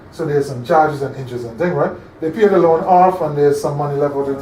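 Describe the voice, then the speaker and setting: A man's voice: fairly high pitch, fast talker, hardly any pauses, a little mellow. A male instructor giving an interactive classroom lecture, often quizzing his listeners and checking that they follow. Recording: echoey room, distant mic, faint hum.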